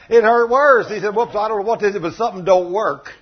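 A man preaching a sermon, telling a story and acting out the voices in it, with sudden loud bursts. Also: high-pitched, animated, fast, slightly rough. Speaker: pastor. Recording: muffled lo-fi sound.

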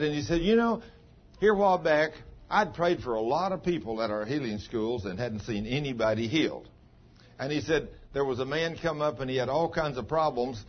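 A man's voice: mid-range voice, slightly rough. A man pastor telling stories in a folksy, homespun sermon, with plain country grammar. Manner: folksy, ungrammatical country speech. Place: church. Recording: dull lo-fi sound.

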